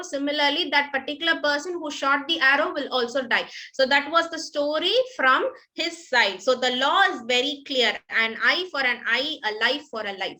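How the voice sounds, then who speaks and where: A woman's voice: sits high, sharp tone. A woman teacher, retelling a story to a class and explaining each part simply, with many fillers.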